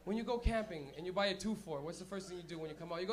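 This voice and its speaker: A young man with a high, racing voice hosts a small club night, running a loose, rowdy stand-up set on stage before a live audience. He swears a lot and acts out quotes as he goes.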